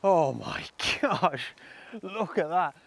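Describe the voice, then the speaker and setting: A man's voice: a little high, expressive, drawn-out words, vocal fry. A young man, vlogging casually and enthusiastically outdoors by a lake, laughing often. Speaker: landscape photography vlogger. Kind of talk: casual vlog to camera.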